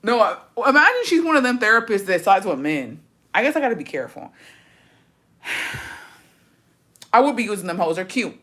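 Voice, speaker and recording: Young woman streamer, bright and brash, swears freely while chatting with her viewers. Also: mid-range voice, sing-song, normal speed, pauses often. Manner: brash, profane, blunt. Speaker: livestreamer. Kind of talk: casual chat answering viewer comments.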